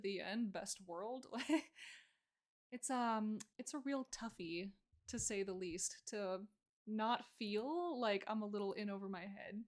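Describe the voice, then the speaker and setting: A young adult woman streamer chatting casually on a live stream, giggly and full of fillers. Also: mid-range voice.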